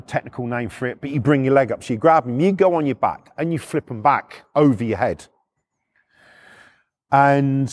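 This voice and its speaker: A middle-aged man, a former repossession agent, telling blunt, sweary stories in a casual way. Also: mid-range voice. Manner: blunt, sweary, animated retelling. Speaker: former repo man storyteller. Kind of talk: casual storytelling.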